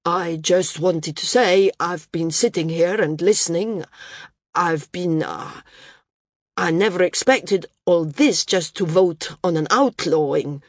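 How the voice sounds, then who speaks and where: A woman voicing an awkward, self-conscious middle-aged man who speaks low and haltingly. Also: dry recording, clean studio sound.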